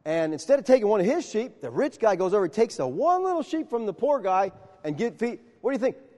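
A man preaching a sermon, telling stories with animated acted-out dialogue. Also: high voice, fast, long reverb tail. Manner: animated storytelling, acts out dialogue. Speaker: pastor.

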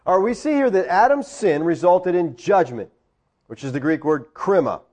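Man preacher, high-pitched, emphatic, teaching sermon full of rhetorical questions. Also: animated, moderate pace, a little mellow. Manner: emphatic, rhetorical questions, explains Greek words.

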